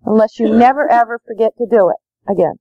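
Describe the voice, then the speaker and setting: A woman's voice: fairly high pitch, fast, mellow, no room sound, highs cut off. Emphatic woman leading a parenting workshop. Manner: emphatic, repetitive, acts out dialogue. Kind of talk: live workshop talk.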